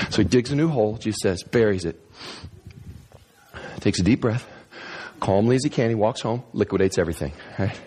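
A man's voice: lowish voice, fairly quick, pauses often, husky. A male pastor preaching a sermon, telling a story with humor, restarting phrases as he goes. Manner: animated storyteller, humorous, with frequent stammered restarts.

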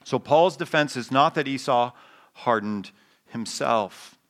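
A man preaching to his congregation in an average-pitched voice. He mixes teasing asides to the pews with slow, emphatic readings of scripture. It has the easy, conversational feel of a Sunday sermon. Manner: playful, joking asides with the congregation; reads scripture slowly with emphasis. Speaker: pastor. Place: church sanctuary with live congregation.

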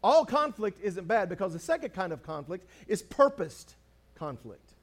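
A man's voice: sits high, very animated, moderate pace. A man preaching a sermon as pastor, conversational and humorous, repeating phrases for emphasis.

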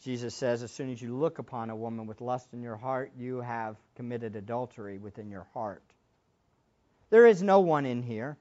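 A woman preacher giving an impassioned sermon, moving between loud exclamations and hushed asides. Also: sits low. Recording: dull lo-fi sermon recording.

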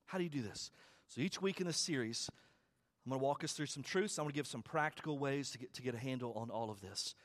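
This man talks fast as he delivers his sermon as a pastor. His tone is conversational, full of repetition, and it swells into loud, high-pitched peaks.

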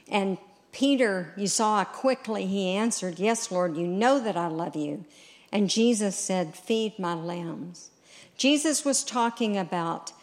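A middle-aged woman preaching a sermon, telling a story slowly and deliberately and voicing quoted lines. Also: medium pitch, a little mellow.

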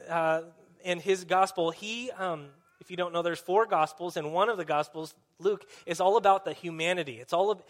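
A man as a pastor, preaching a sermon in an earnest, conversational storytelling way. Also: sits high.

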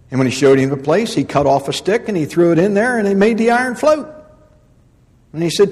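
A man preaching a sermon who reads scripture, then explains it with humor, stressing points by repeating phrases and swinging from loud to soft. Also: high voice, lively intonation, brisk, in a large hall. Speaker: pastor.

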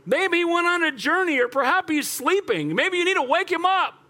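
A preacher putting on a taunting, sarcastic old prophet. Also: male voice, lively intonation, drawn-out words, exaggerated voice. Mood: mocking. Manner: taunting, teasing, high and loud. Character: sarcastic mocking male prophet, older.

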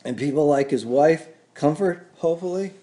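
A man preaching a sermon as pastor, earnest, rising to emphatic peaks and dropping to quiet, and leading the congregation in repeating lines together. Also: fairly high pitch, normal speed. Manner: leads the congregation in call-and-repeat.

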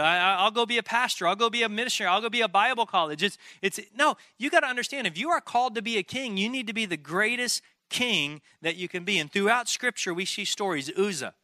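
A man's voice: high voice, bright, forceful tone, no echo, clean studio sound. A man preaching a sermon in an emphatic, conversational way, full of rhetorical questions. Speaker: pastor.

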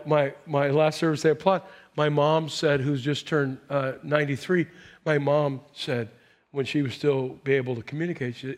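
A man in his sixties preaching as a pastor, swinging from loud emphasis to hushed quiet. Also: on the high side. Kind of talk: sermon.

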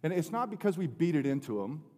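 A man's voice: a little high, fast talker. Middle-aged guy preaching, tells stories, voice jumps around a lot, big hall echo. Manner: storytelling, animated with many restarts. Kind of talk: sermon. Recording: long hall reverb.

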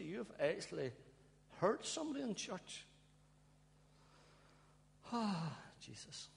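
Pleading preacher in a reverberant church. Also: male voice, fairly high pitch, gravelly. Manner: pleading, with breaks into soft laughter and sighs. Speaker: pastor. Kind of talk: emotional sermon and prayer. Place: church hall. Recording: long church reverb, faint hum.

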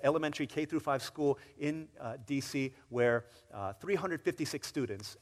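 Animated preacher in a reverberant hall. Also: male voice, medium pitch. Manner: animated storyteller, acts out quotes with rising excitement. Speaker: pastor. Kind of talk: sermon storytelling. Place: church sanctuary.

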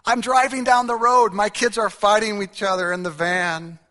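Animated preacher man in a reverberant hall. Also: high voice, moderate pace. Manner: animated storytelling, acting out quotes, self-mocking humor. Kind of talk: humorous sermon. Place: large church hall. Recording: church hall with long reverb.

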